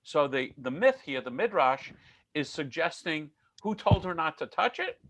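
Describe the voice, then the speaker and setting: A man's voice: on the high side, very animated, moderate pace, a bit bright, a little hiss or hum. A man giving an online lecture on myths, talking in a conversational, digressive way with dry jokes.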